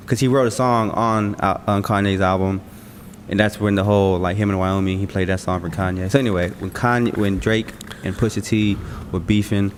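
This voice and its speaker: A man's voice: lowish voice, steady tone, brisk. A young man co-hosting a casual podcast, goofy, laughing often and swearing freely. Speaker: podcast co-host. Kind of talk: casual chat. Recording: long hall reverb, faint room noise.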